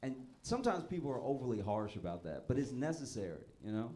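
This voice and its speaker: A man performing a stand-up comedy set on a club stage, telling stories and pushing his voice loud and high for the punchlines, with the audience laughing. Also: big pitch swings, fast talker.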